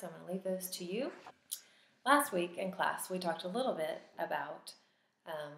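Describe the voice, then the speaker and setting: A woman teaching a Latin vocabulary lesson, patiently sounding out each word form and pausing for the listener to repeat. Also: low voice, vocal fry, a little hiss or hum. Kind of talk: recorded vocabulary lesson with drills. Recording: echoey room.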